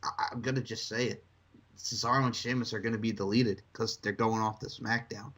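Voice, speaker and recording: Animated swearing man, podcast co-host. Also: brisk. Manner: animated, swearing, jumps into shrill mocking impressions. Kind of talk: casual chat.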